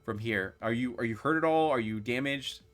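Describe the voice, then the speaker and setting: A man's voice: medium pitch, a little fast, fairly bright tone, soft background music, lightly acted. A man voicing a businesslike second-in-command of a troop in a tabletop game. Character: brisk woman military second-in-command.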